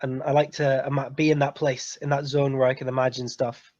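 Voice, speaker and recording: A man's voice: medium pitch, flat delivery, a little fast, darkish tone, muffled recording. A man from England chatting casually, rambling and often laughing. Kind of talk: casual chat.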